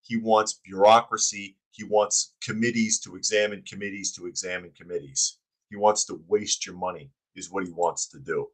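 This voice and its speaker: A man's voice: low-pitched, fairly even intonation, moderate pace, fairly bright tone, rough recording. A man hosting a news opinion show who talks in a sarcastic, blunt way and reads out viewers' chat comments.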